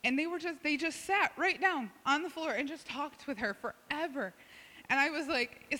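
Woman, high bright voice, animated storytelling, reverberant hall. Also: normal speed. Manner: animated storytelling, acts out quoted people. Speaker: church group member sharing a story. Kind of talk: casual testimony sharing.

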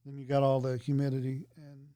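A man's voice: medium pitch, completely flat delivery, brisk, dark tone, dry recording. A man talking in an easygoing way, full of fillers, in casual chat. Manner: easygoing, filler-heavy talk.

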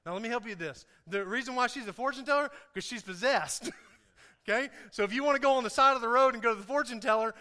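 High, bright-voiced pastor in echoey hall. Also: male voice, fast. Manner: playful, laughing often, addresses congregation directly. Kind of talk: sermon. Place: church sanctuary.

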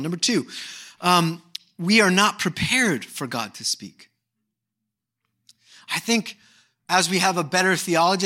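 A middle-aged male pastor preaching a sermon, candid and animated, breaking into mock voices and shouted bursts. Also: high voice.

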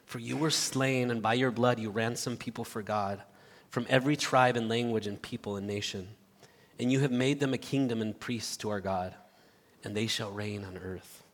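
A man preaching a sermon in a church, earnest and halting, swinging from loud appeals to hushed asides. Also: medium pitch. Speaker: pastor. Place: church sanctuary. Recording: reverberant church hall.

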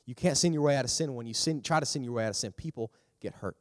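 A man giving a youth sermon in a lively, storytelling manner, acting out the characters as he talks. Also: fast talker. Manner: animated, acts out characters with big pitch jumps. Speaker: youth pastor. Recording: long hall reverb.

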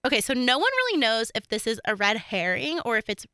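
A young woman co-hosts a casual true-crime podcast and talks in a chatty, animated way, acting out what people said. Her voice is bright and smooth, a little higher than most. The sound is dry and close. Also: fast talker, dry recording. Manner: chatty, animated, says "like" a lot, acts out quotes. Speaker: podcast co-host.

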